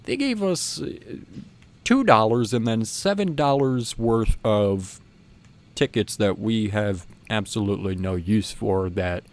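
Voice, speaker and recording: A man's voice: on the low side, animated, unhurried. A young man telling a personal story in a casual, rambling way, with lots of fillers and restarts. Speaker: channel host.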